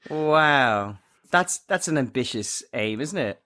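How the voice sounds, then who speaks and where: A man with a mid-range voice co-hosts a podcast in casual conversation. He's animated and laughs easily.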